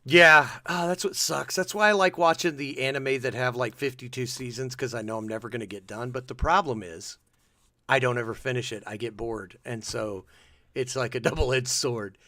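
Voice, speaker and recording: A man hosting a podcast in casual chat, reacting excitably to clips and laughing often. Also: medium pitch, moderate pace, no echo. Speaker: podcast host.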